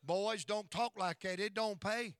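High, bright-voiced folksy preacher. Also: male voice, a little slow, no echo, studio quality. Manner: emphatic, folksy, exclaiming praise. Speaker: pastor. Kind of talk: storytelling sermon.

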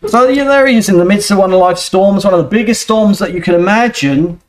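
Male preacher, earnest sermon delivery, fairly high voice. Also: lively intonation, quick pace. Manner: earnest, rhetorical questions, building emphasis.

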